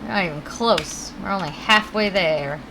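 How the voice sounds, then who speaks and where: A woman's voice: mid-range voice, moderate pace, vocal fry, noisy background. A woman with a Connecticut accent, chatting casually and rambling while she plays a video game and answers her chat. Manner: chatty, rambling, reads chat aloud, swears now and then. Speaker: game streamer.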